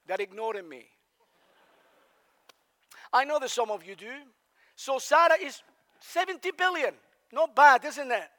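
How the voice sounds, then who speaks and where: Male preacher from Spain, very high voice, conversational sermon, long reverb of a large hall. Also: expressive, a little slow, pauses often, pushed and bright. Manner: conversational, asks the congregation questions.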